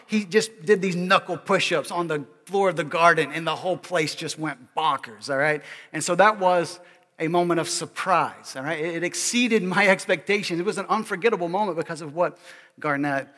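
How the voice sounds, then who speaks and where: A male pastor giving a sermon in an animated, joking way, often checking in with the congregation. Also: high voice, quick pace, big-room sound. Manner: animated and joking, keeps asking "all right?".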